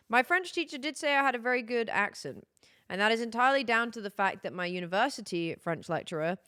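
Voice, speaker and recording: A woman's voice: mid-range voice, fairly bright tone, clear, resonant tone, no room sound, clean studio sound. A young British woman streaming a game, chatting casually in a rambling, self-correcting way. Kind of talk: casual chat while gaming.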